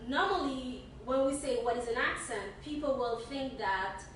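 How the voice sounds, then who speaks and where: A Haitian woman with a high, fairly bright voice co-hosts a casual podcast at a normal pace, welcoming listeners with lots of fillers and repeated phrases. The mic is distant in an echoey room, with a faint hiss.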